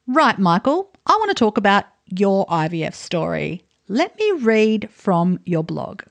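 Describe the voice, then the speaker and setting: A woman's voice: medium pitch, big pitch swings, measured pace, creaky, hardly any pauses. Frank, playful woman host. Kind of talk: podcast hosting and reading aloud.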